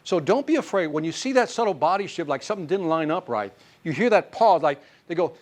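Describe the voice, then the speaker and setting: Male sales trainer, lively and fairly high-pitched, teaching a live class with lots of audience questions. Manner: animated, quizzes the audience with quick questions. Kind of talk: live sales seminar talk.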